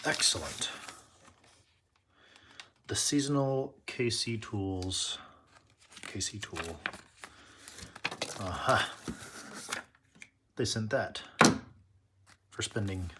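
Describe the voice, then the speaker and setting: A man's voice: lowish voice, drawn-out words, long pauses, very noisy. A man hosting his tool channel, chatting casually and nerdily through an unboxing and correcting himself as he goes. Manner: chatty, nerdy, self-correcting.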